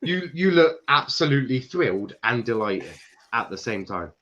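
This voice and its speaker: A man from Ireland hosts a casual football talk show and reads out comments from the chat. He laughs often and stumbles into quick restarts. His voice comes through a dull, lo-fi mic. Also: mid-range voice, very animated, pushed and bright. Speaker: podcast host reading chat. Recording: dull lo-fi sound.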